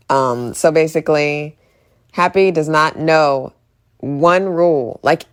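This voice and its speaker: A woman casually recapping a movie with strong opinions, talking in a chatty way full of "like" and "literally". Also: deep voice. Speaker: movie reviewer.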